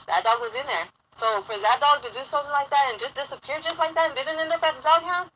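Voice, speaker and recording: High, bright-voiced woman telling a story. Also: fast talker, a little hiss or hum, low-quality recording. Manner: profane, heated, rambling. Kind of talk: casual storytelling.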